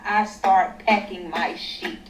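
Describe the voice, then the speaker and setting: A woman's voice: medium pitch, fairly even intonation, slow, crowd noise. A young woman telling a personal story in a blunt, emphatic way, swearing heavily. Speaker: storyteller in a clip being reacted to. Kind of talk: profane storytime rant. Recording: echoey, distant mic with faint ambience.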